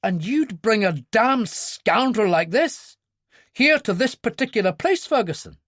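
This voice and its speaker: A man's voice: high voice, lively intonation, a little slow, fairly bright tone, no room sound, studio quality, voice pushed up, heavily acted. A man voicing a stiff, indignant British intelligence official with a prickly manner.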